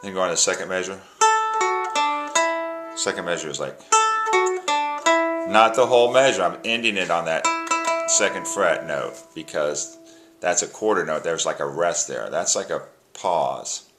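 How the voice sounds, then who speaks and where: A man's voice: sits low, normal speed, long pauses, loud music behind the voice. A man giving a casual instrument lesson, counting beats aloud and breaking the tune into phrases. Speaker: music teacher. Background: plucked string instrument playing.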